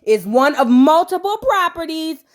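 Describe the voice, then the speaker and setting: A woman with a high, bright voice rattles through a reality TV recap. Her talk is loud with slang and cheeky jabs, a laid-back, mocking commentary. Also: sing-song. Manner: sassy, slangy, rapid-fire mocking commentary. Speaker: reality TV reviewer. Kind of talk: casual comedic recap.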